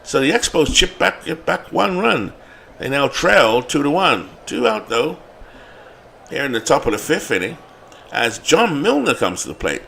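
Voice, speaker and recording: London guy calling a tabletop baseball replay, voice swings up and down a lot, gets loud on deep hits, bit of hum behind. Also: normal speed, gravelly. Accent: London English. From England. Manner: rises to excited calls on big hits. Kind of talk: livestream play-by-play commentary.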